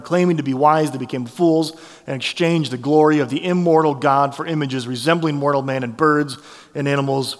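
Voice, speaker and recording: A man preaching a sermon who reads quotations aloud and then explains them, with emphatic rhetorical questions. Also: on the high side. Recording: long reverb of a large hall.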